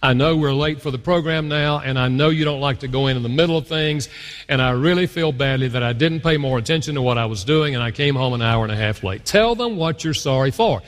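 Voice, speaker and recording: Speaking a little fast in a mid-range voice, a man delivers an earnest teaching talk as a guest speaker at a conference. The large hall gives the live recording a long reverb.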